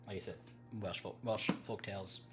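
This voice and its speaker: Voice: low voice, steady tone, normal speed, fairly bright tone, faint music behind. A livestream host chatting casually with viewers, rambling, breaking off mid-thought and laughing often.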